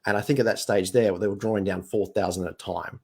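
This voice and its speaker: A man, telling his business story in a casual, animated way and acting out what others said. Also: lowish voice, quick pace, gravelly, husky. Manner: animated, acts out quoted voices. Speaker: business owner guest.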